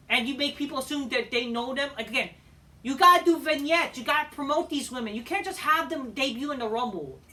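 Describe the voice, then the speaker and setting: A man's voice: extremely high pitch, bright, forceful tone, distant mic. A man ranting through a profane, exasperated video review of a wrestling show.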